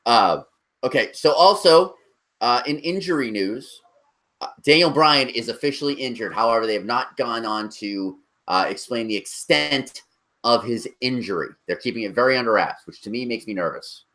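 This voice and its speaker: Man, podcast co-host, playful casual chat, lively pitch, bright voice. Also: normal speed. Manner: playful, animated, reads out news items.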